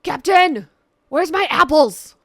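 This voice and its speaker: Brief: a loud, blunt, bloodthirsty male bruiser, raspy and hot-headed, played by a woman. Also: high-pitched, lively intonation, takes it slowly, no room sound, voice pushed up, full character voice. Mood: angry. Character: hulking bloodthirsty male brute, short-tempered.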